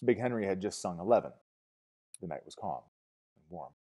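A man narrating a novel as an audiobook, expressive, dropping to hushed tones and rising to loud cries. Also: sits low, normal speed. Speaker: audiobook reader.

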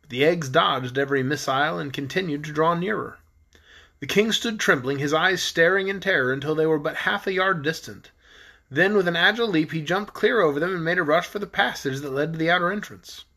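A man narrating a children's fantasy book in a steady storytelling manner. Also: fairly high pitch, a little fast, vocal fry. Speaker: audiobook narrator. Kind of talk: storybook reading.

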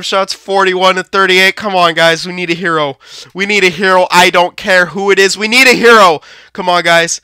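A young man giving live, profane gameplay commentary, swinging between shouting at his team and deflated muttering. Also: sits high, fairly even intonation, moderate pace, clear, resonant tone, no room sound, clean studio sound. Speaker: gaming commentator.

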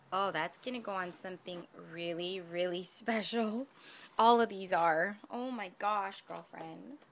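A woman's voice: fairly low pitch, fairly bright tone, slight background noise. A woman unboxing craft gifts on her vlog, gushing and breathless, gasping and whispering in awe, hot and catching her breath. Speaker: vlogger opening a craft swap package.

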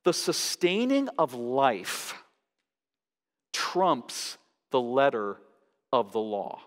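A man preaching a sermon as pastor, emphatic, pushing his pitch up sharply to stress each point. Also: big pitch swings, drawn-out words. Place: large church sanctuary. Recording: long hall reverb.

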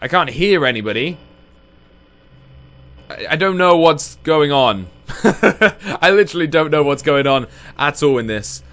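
A man giving casual let's play commentary on a horror game, chatty and confused, reacting out loud. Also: on the high side, animated, a little slow, long pauses. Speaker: gaming video host.

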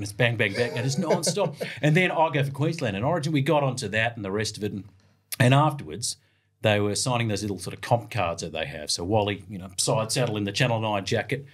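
A middle-aged Australian man with a husky, slightly low voice tells stories in a relaxed, chatty way. He is lively and spins yarns easily. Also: fast. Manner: lively yarn-spinning, plays out the voices of others. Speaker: radio sports broadcaster, guest. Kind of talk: casual anecdotal storytelling.

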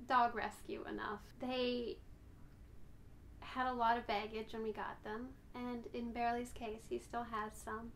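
A woman's voice: a little high, bright, forceful tone, slight background noise. A woman vlogger chatting casually to camera about her rescue dogs, affectionate and rambling, cooing at them now and then. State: out of breath.

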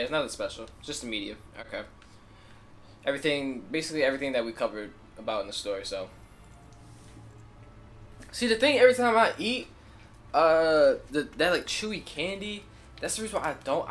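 A man hosting a gameplay video, rambling in a casual, slangy, animated way. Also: medium pitch, a little hiss or hum. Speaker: gaming channel host.

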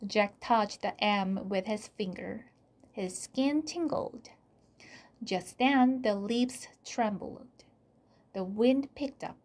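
Slow, soft storybook reader. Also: female voice, a little high. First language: Korean. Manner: soft, often dropping to a whisper. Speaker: channel host reading aloud. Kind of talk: slow read-aloud storybook narration.

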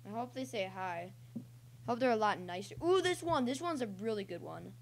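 A young woman casually commentating her own online gameplay as a channel host, rambling and breaking into excited yelps and cheers. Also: medium pitch, moderate pace, vocal fry, slight background noise.

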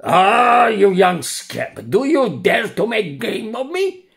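Storybook casting: a greedy, blustering village buyer, played by an older man, raised and gravelly, quick to anger. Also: fairly high pitch, wildly swooping pitch, pitched above the performer's own voice, exaggerated voice. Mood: indignant. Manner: blustering, indignant. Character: grasping middle-aged village buyer, easily angered. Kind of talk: storybook reading.

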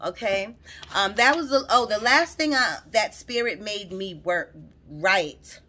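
A woman doing a chatty tarot reading, recorded on her phone. Her voice is bright and forward, and she talks to her viewers in a loose, rambling way, circling back and repeating her words as they come to her. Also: mid-range voice, animated, a little slow, a little hiss or hum. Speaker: tarot reader. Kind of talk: casual spoken tarot reading to camera.

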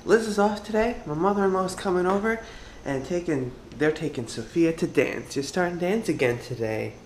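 Man, 30s, daily family vlogger; casual and chatty on a camera mic, steady hum of background noise behind him. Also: sits high, moderate pace. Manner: chatty, upbeat, thinks out loud. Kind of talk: casual vlog talk to camera.

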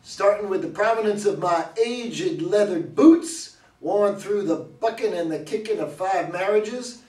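A man's voice: high voice, a little mellow. A man playing a boastful old cowboy showman. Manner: folksy drawl, hammy and salesman-like. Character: boastful older male cowboy running a roadside museum. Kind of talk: reader's theater stage reading. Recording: echoey hall from far off.

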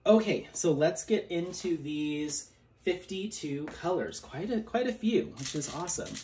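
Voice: medium pitch, animated, unhurried, a little mellow, slight background noise, low-quality recording. A hobby vlogger in a casual unboxing chat who gushes and rambles with many fillers and laughs, then reads out long runs of color numbers. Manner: chatty and gushing, with frequent fillers and laughs. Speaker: diamond painting hobby vlogger.

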